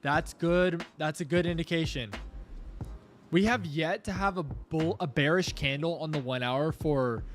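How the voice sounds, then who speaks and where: Streaming his crypto trading live, this young man talks easily with his audience, thanks viewers, and coaxes the chart aloud. He speaks unhurriedly in a voice on the high side, with soft music playing behind him.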